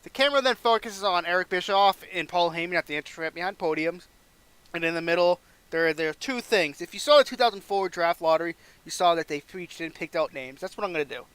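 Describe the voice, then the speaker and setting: A man casually recaps a wrestling management game, reading out match scores. His voice sits a little high, bright and crisp, with a dry, close sound. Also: quick pace, dry recording. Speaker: game playthrough narrator.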